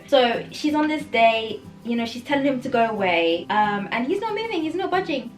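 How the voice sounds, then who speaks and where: A young woman talks in a casual reading vlog, and her voice sits high. She is animated and outspoken and swears freely as she reacts. Soft music plays faintly underneath. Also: normal speed, few pauses. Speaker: book vlogger. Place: home, indoors.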